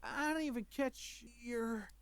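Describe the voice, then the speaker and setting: A woman's voice: fairly high pitch, takes it slowly, smooth, no echo. A woman voicing a flustered young game character who stammers as she calls after someone.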